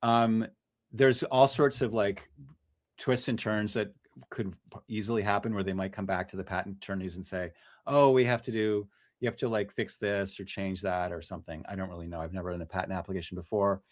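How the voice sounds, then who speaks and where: A middle-aged man with a lowish voice talks in a loose, conversational way. He is a freelance journalist who often breaks off mid-phrase and starts again as he works through his ideas. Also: steady tone, a little fast. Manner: restless, self-correcting, many restarts and fillers. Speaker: freelance journalist, podcast guest. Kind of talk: casual conversational interview.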